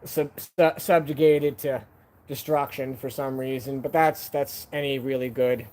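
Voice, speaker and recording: A man's voice: mid-range voice, fairly even intonation, unhurried, a little mellow. A man hosting a casual live stream from home. He talks to viewers in a laid-back, slangy way, calling them "man" and "dude".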